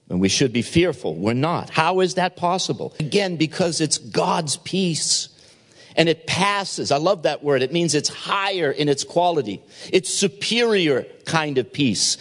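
A man preaching a sermon at an evening chapel service, acting out the people in his stories with lively changes of voice. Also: fairly high pitch. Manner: expressive preaching, acts out dialogue. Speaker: pastor.

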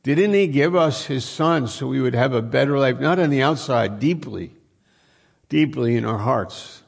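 A man's voice: mid-range voice, unhurried, gravelly. A man preaching a sermon in a conversational way, full of restarts and rhetorical questions.

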